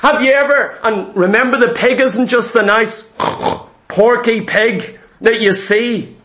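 A man preaching a sermon, emphatic, firing rhetorical questions and slowing down on key words. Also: very high-pitched, pushed and bright. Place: church.

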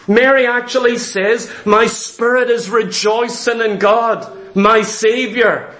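A man's voice: very high-pitched, fairly even intonation, slow, fairly bright tone. A man preaching a sermon in a church hall, emphatic and repetitive, full of rhetorical questions. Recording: roomy echo.

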